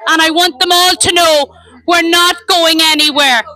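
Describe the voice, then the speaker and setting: A woman's voice: very high voice, steady tone, normal speed, pushed and bright, no room sound, poor audio. An Irish woman from Dundalk giving an impassioned, defiant rally speech, repeating her points. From Ireland (Dundalk). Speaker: rally speaker.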